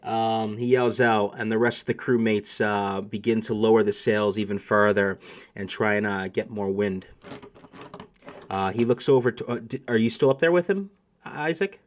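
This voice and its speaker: A man's voice: on the low side, normal speed. A man narrating as game master for a tabletop role-playing game, reading prepared scene text and then improvising with frequent fillers.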